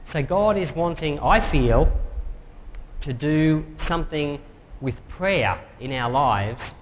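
A pastor giving a relaxed, conversational sermon, pausing often with fillers. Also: male voice, a little high. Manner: relaxed, conversational preaching with many pauses and fillers. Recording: reverberant hall with faint noise.

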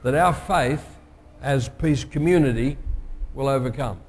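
A pastor delivering a sermon, measured and emphatic, slowing down to stress key phrases. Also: male voice, mid-range voice, darkish tone. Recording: long hall reverb.

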